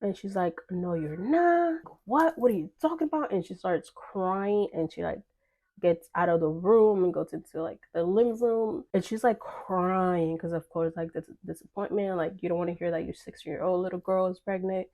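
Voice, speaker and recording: A woman's voice: fairly low pitch, fairly even intonation, normal speed, dark tone. A young woman telling a personal story in casual vlog chat, full of fillers and quoted dialogue. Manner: chatty, filler-heavy, acts out quoted dialogue.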